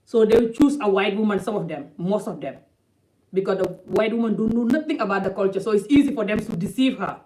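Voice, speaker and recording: A woman's voice: medium pitch, darkish tone, poor audio. A woman from Africa giving blunt, emphatic opinion commentary in a vlog, repeating points for stress. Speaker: vlogger.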